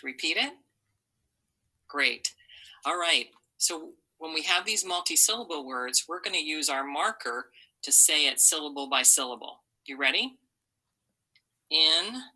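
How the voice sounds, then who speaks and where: A woman's voice: sits low, bright, forceful tone, rough recording. A woman teacher giving a patient, step-by-step phonics lesson, modeling sounds for students to repeat.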